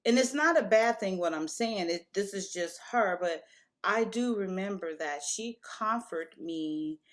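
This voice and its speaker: A woman's voice: medium pitch, measured pace. A woman telling a personal story to camera in a candid, casual way, stopping and restarting as she remembers. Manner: candid, emotional retelling with frequent restarts.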